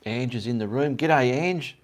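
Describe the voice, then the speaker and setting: A man with a medium-pitched voice talks a little slowly. He's an Australian livestream host and artist from Perth, Western Australia, casually rambling on his stream and greeting viewers by name.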